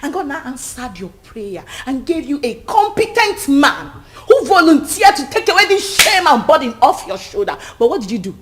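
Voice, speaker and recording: An actress playing a domineering young woman who scolds and mocks her pregnant friend in loud outbursts. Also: high-pitched, very animated, moderate pace, hardly any pauses, a little hiss or hum. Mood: scornful scolding. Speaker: actress in a Nigerian film. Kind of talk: film drama acting.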